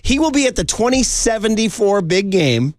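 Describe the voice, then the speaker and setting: A man hosting a sports talk show, riffing casually and excitedly in slangy chat with a co-host. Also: high voice, moderate pace, no room sound, studio quality.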